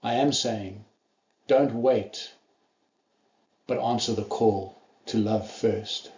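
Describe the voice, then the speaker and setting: A man's voice: fairly low pitch, steady tone, slow, darkish tone, reverberant, dull audio. A man preaching a sermon, telling the story earnestly and acting out the quoted lines.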